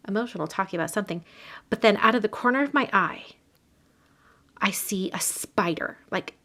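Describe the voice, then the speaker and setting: Working in her home craft room, a woman hosts a live card-making demo, alternating easy chatter with soft murmurs. Her voice has a medium pitch.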